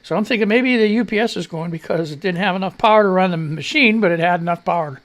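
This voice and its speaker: A man's voice: sits high, quick pace, fairly bright tone. A man hosting a live radio show, telling a rambling story in casual chat with fillers and mild cursing.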